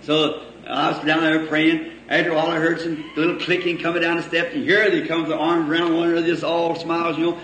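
Fairly high and fairly bright, the man's voice barely moves in pitch and runs a little fast with few pauses as he preaches in a church hall. He spins folksy stories, stretches phrases for emphasis, and chuckles between lines, heard on an echoey old recording with faint hiss.

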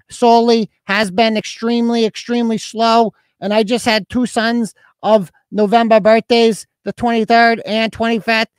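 A man's voice: sits high, fairly bright tone, clean tone, no echo, voice pushed up. A man mocking a whiny pleading single mom. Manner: mocking, sing-song reading. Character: whiny pleading single mother, middle-aged woman.

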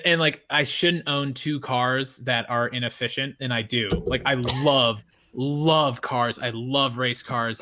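A man telling a story in a casual podcast chat, animated and swearing freely, with lots of fillers. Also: medium pitch.

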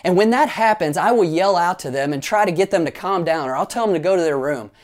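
A man preaching a sermon as pastor, telling lively stories with playful asides and leading the congregation in group actions. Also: high voice, fast.

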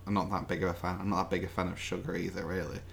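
Deep gravelly man chatting. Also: level tone, racing, a bit bright, a little hiss or hum. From Blackpool, England. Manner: rambling, swears casually, laughs often. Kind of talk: casual chat.

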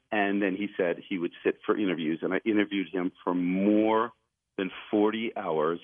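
A man, an author and journalist, talking as a guest in a radio interview, telling his story eagerly and chuckling now and then. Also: low-pitched. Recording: tinny phone line.

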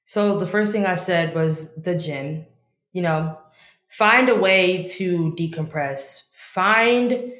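A woman's voice: lowish voice, takes it slowly, roomy sound. A woman in her twenties, a law student guest, telling her story candidly and animatedly in a casual interview. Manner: candid, animated storytelling, talks to herself in quotes.

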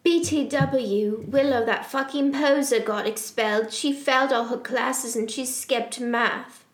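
A woman's voice: fairly high pitch, a little slow, lightly acted. A woman reading aloud the lines of a chirpy, gossiping teenage girl. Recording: roomy echo.

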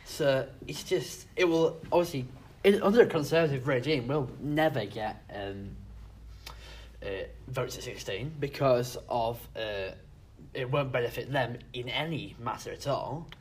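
Husky teasing British man. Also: medium pitch. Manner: teasing, halting with fillers. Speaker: podcast co-host. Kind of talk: casual political discussion.

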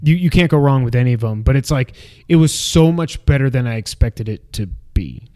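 A man's voice: mid-range voice, animated, a little fast, darkish tone. A man co-hosting a podcast, gushing and rambling in casual chat. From Canada. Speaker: podcast co-host.

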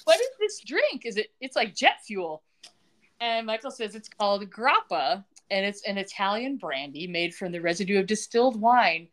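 A woman's voice: mid-range voice, moderate pace. A woman co-hosting a casual podcast, recapping a TV soap and acting out the characters' lines with laughter. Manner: animated, acts out quoted lines with laughs.

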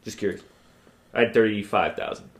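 A man's voice: fairly low pitch, brisk. A young man co-hosting a casual podcast, thinking aloud in long rambling sentences packed with "like". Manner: rambling, filler-heavy with lots of "like". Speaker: podcast co-host. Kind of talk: casual chat.

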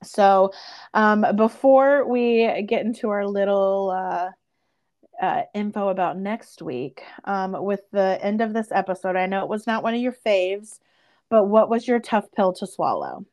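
A young woman casually recapping a TV episode on a podcast, animated and acting out the characters' lines with lots of "like". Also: mid-range voice, a little slow. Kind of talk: casual chat.

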